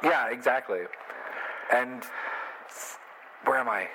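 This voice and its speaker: A man's voice: mid-range voice, takes it slowly, background noise. A Canadian man co-hosting a casual film-review chat, laughing often and losing his thread. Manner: laughing, scattered, swears. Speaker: podcast co-host.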